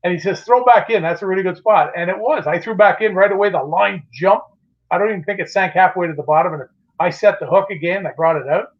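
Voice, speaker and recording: A man, a magazine publisher, telling a fishing anecdote in a casual, animated way with many restarts. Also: high-pitched, fast, lo-fi sound. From Canada. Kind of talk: casual storytelling on a live show.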